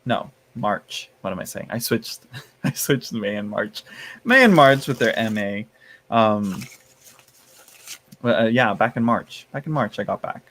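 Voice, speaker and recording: A man's voice: lowish voice, expressive, a little slow, fairly bright tone, slight background noise. A man hosting a casual live stream, chatting with viewers, laughing often and reading the chat aloud. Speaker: tarot livestream host.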